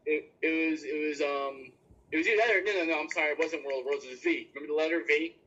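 A man's voice: a little high, fast talker, pushed and bright, highs cut off. A man co-hosting a casual chat, enthusiastic, repeating himself and swearing freely.

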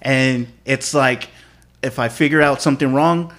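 A man's voice: mid-range voice, a little slow, fairly bright tone. A man co-hosting a podcast, telling a wild story in casual chat with slang and swearing. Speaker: podcast co-host.

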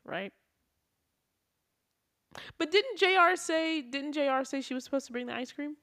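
Woman chatting about a tv episode, kinda high pitched, laughing and doing quotes. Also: moderate pace. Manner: animated, laughs often, acts out quotes. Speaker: podcast co-host. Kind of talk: casual TV recap chat.

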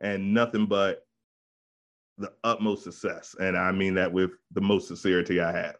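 Man, podcast host, casual chat, slangy hype-man energy, lowish voice. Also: level tone, moderate pace, a bit bright.

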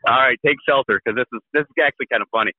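A man joking and telling a story in a fast, animated way as a guest on a political talk show. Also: medium pitch. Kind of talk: casual political chat. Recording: tinny phone-like call line.

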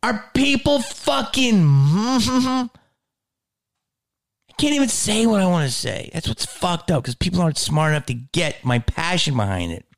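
A man's voice: high-pitched, sing-song, measured pace, creaky. A middle-aged man comedian ranting in a heated, profane, swaggering way.

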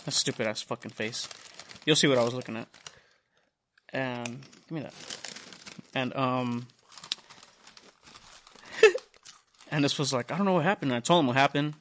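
A young male podcast host, mid-range in voice and moderate in pace, pauses often while telling a long, profane story. He acts out the other people's lines in animated voices, and there's slight background noise.

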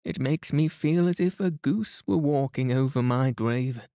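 A man's voice: medium pitch, measured pace, warm tone, no room sound, studio quality, pitched above the performer's own voice, natural voice. A man voicing an older genteel English lady with a fluttery, exclaiming manner.

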